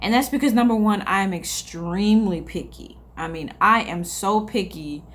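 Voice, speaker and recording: A woman's voice: medium pitch, normal speed, fairly bright tone. Candid young woman venting to camera. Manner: rambling, candid, repeats herself, sighs. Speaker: vlogger. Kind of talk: casual confessional chat to camera.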